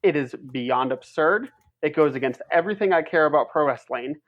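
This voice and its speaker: A man's voice: on the high side, animated, normal speed, lo-fi sound. A man co-hosting a wrestling podcast in a casual chat, ranting heatedly and swearing as he talks.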